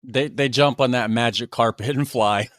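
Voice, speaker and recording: A man's voice: medium pitch, no echo. Chatty man reacting to clips, dry sound. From United States. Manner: chatty, reacts with quick asides. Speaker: reaction video host. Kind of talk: casual reaction commentary.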